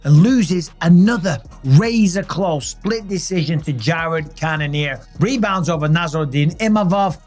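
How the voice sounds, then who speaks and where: A man's voice: fairly high pitch, expressive, unhurried, hardly any pauses, darkish tone, soft background music. A man in his forties hosting a casual reaction commentary, emphatic and fond of asking "okay?" to drive points home. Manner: emphatic, tags lines with "okay?". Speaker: host.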